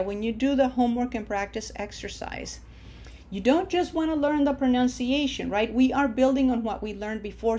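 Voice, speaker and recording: A woman's voice: on the high side, mellow. A woman teaching a Spanish lesson, patiently leading conjugation drills and checking in with her students. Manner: slow, drawn-out model pronunciations; patient, encouraging, checks in with "okay?".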